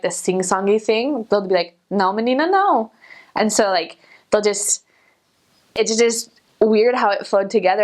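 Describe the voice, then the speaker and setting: A young woman talking casually to camera about her missionary years. She tells her stories in a chatty way, full of filler words, and jumps up in pitch whenever she quotes someone. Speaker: returned missionary vlogger.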